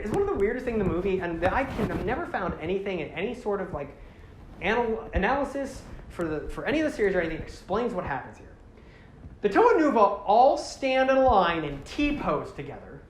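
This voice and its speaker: A man casually retelling a story with excitement, acting out the characters in exaggerated voices. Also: high voice, a little fast. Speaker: podcast host recapping a franchise. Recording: echoey room with faint background noise.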